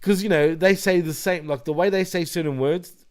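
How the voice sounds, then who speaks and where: Laid-back man, higher voice. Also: moderate pace, clear, resonant tone. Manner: laid-back, laughs often, says bro and dude. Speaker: podcast co-host. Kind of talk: casual wrestling chat.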